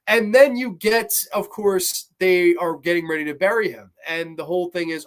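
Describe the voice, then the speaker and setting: A man's voice: sits high, moderate pace. A man hosting a podcast, reviewing horror films casually with enthusiastic, rambling talk full of fillers and mock-quoted lines. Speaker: podcast host.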